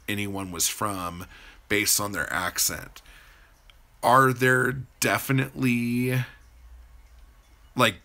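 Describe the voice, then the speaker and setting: A man's voice: fairly low pitch, sharp tone. A man hosting a livestream, rambling casually as he answers viewers' chat and swears freely. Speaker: livestream host.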